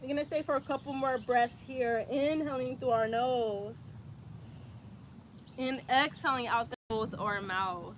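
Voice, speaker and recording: Young woman leading yoga outside, high bright voice, chatty slangy asides, faint background noise. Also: unhurried. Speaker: yoga instructor. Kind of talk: guided yoga instruction. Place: outdoors in light rain.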